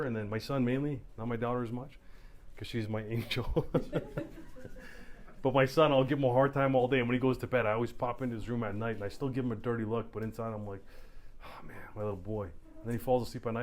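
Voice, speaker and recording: His mid-range voice races very fast with hardly any pauses as this middle-aged police officer from Canada talks to a community town hall gathering in a community hall. He animatedly spins stories and performs the characters' voices.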